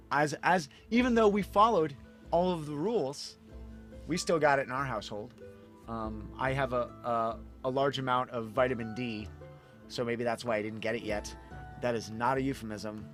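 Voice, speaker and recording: A man's voice: medium pitch, normal speed, fairly bright tone, faint music behind. A man hosting a casual live stream from home, rambling and chuckling as he chats with viewers. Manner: rambling, self-interrupting, chuckling asides. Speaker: livestream host and magician.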